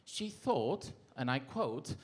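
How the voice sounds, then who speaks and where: A woman comedian performing a stand-up set, animated and breaking into sudden shouts. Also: extremely low pitch, takes it slowly, breathy edge. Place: comedy club stage.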